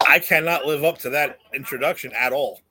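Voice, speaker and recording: A man's voice: medium pitch, brisk, heavy background noise. A man from New York co-hosting a casual talk show, blunt and opinionated, swearing casually. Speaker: co-host. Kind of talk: casual chat.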